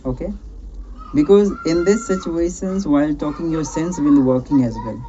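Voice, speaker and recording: Man, speaking coach, warm, dark tone, repetitive encouraging advice, muffled call audio. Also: on the high side, moderate pace, slight background noise. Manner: encouraging, repetitive, peppers speech with "right?" and "you know". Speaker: English speaking coach hosting a practice call. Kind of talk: casual advice chat on a call.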